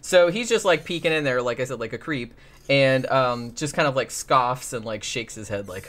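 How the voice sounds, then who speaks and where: A man in casual conversation, talking in loose, rambling runs full of fillers. His tone is dry and sarcastic, and he swears freely. His voice sits at an ordinary middle pitch. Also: normal speed, a bit bright. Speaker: podcast host. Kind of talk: casual chat.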